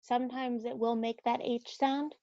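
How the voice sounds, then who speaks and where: A woman teaching the Spanish alphabet, saying each word slowly and repeating it for learners. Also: on the high side, level tone, dark tone, no room sound. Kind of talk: slow alphabet pronunciation lesson. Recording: dull lo-fi dry audio.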